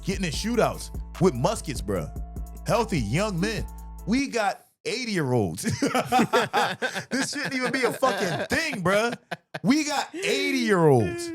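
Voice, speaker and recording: High-voiced animated comic ranting. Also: male voice, takes it slowly, husky, soft background music. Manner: animated, profane, laughs often. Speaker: comedian and podcast host. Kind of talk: casual comedic rant.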